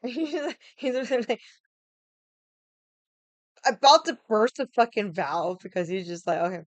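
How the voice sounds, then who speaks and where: Young woman from Hawaii, casual storytelling, chatty and blunt, mid pitch, close dry mic. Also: very animated, dry recording. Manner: chatty, laughing, quick asides, swearing; irritated, stubborn storyteller. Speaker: vlogger.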